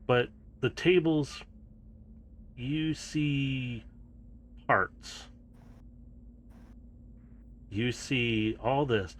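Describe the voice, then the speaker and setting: A man running a tabletop game as its game master, narrating scenes casually and with a storyteller's ease. His voice sits at an ordinary middle pitch for a man. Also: drawn-out words, pauses often.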